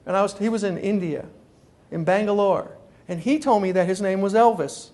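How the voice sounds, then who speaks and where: High-voiced New man telling stories. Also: normal speed, background noise. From New York. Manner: animated storyteller acting out phone calls. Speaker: guest speaker. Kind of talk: humorous keynote talk. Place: conference room before an audience.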